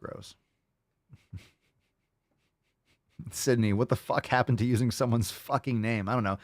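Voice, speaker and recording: A man's voice: medium pitch, steady tone, a little slow, long pauses, dry recording, clean studio sound. A man hosting a commentary show, ranting crudely and mocking his subject with sarcasm. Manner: crude, mocking, sarcastic rants with mock voices. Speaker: show host.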